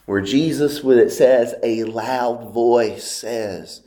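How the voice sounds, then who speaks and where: A man delivers a sermon at a slow, deliberate pace, drawing out each phrase. His voice sits in a middle pitch. He drops to hushed, near-whispered tones for emphasis. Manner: slow, dramatic preaching with long pauses and hushed moments. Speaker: pastor.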